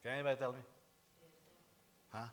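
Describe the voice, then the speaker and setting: A man's voice: mid-range voice, brisk. A middle-aged man, preaching a sermon as senior pastor, joking with the congregation and often repeating and restarting his phrases. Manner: animated, joking with the congregation, frequent repetitions and restarts.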